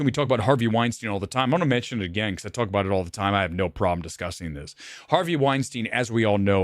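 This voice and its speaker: A man's voice: mid-range voice, dry recording, clean studio sound. A man ranting angrily as he reviews a film live, repetitive and heated, saying he is shaking with anger. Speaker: movie reviewer.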